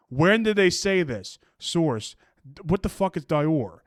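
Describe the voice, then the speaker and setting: A man's voice: on the high side, very animated, takes it slowly, dry recording, studio quality. A man ranting mockingly about online posts, crude and angry, often restarting his sentences. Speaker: streamer reacting to posts. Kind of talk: profane casual rant.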